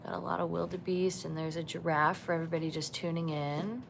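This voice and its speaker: Low-voiced soft-spoken woman. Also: fairly even intonation, brisk, gravelly, slight background noise. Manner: soft-spoken, chatty, gushing over animals. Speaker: vlog host. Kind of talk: casual livestream chat. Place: resort balcony overlooking savanna, outdoors.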